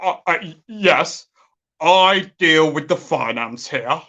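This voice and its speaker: A woman's voice: low-pitched, animated, slow pace, a bit bright, full character voice. A woman voicing a nervous, weedy male chief accountant who stammers and fawns in a comic phone monologue. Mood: grumpy. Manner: stammering and fawning.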